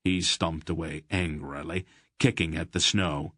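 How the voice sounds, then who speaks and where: A man narrating an audiobook in a measured storytelling manner on a close mic. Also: a bass voice, fairly even intonation, fairly bright tone, no room sound. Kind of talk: scripted narration.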